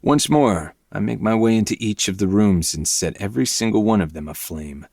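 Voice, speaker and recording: A man reading a dark novel aloud in first person, with low, intense, brooding delivery. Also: normal speed, vocal fry, no room sound, studio quality. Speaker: podcast host reading a novel.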